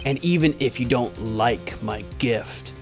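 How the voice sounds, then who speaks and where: A man voicing a menacing male kidnapper in a game, speaking slowly and low with mock courtesy. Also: soft background music, close to an everyday voice. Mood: silkily menacing.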